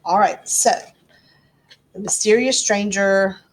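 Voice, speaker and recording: A woman's voice: mid-range voice, fairly even intonation, slow, slight background noise. A woman teacher reading a storybook aloud and explaining it to her class in a chatty way. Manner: chatty, explanatory, frequent ums.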